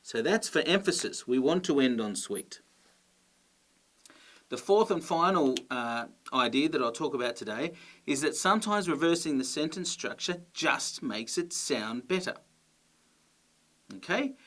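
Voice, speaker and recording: A man teaching a grammar lesson, explaining clearly and patiently and checking in with his listeners. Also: fairly high pitch, expressive, a little slow, a bit bright.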